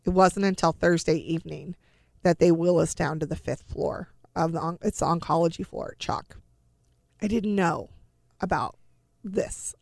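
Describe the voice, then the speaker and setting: A middle-aged woman speaks as an interview guest, telling a personal story in a plain, earnest, conversational way. Her voice is gravelly, with a lot of fry. The sound is close and dry, with no room around it. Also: on the low side, a little mellow, no echo. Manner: earnest, conversational, often repeating words. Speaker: guest, bereaved mother.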